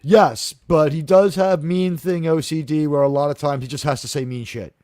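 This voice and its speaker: With a slightly high voice at normal speed, a man hosts a casual live chat reviewing a TV episode. He recaps scenes animatedly and acts out lines in funny voices, and the sound is dry and clean like a studio.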